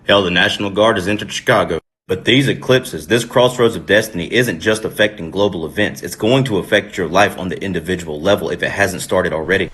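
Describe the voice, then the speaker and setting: A man working as an astrologer, giving an urgent, insistent scripted pitch to the camera. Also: a little fast, few pauses, a bit bright.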